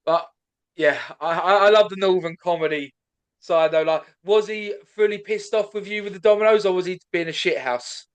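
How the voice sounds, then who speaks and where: A man's voice: sits high, normal speed, smooth. A man hosting a casual comedy podcast interview, asking blunt, encouraging questions.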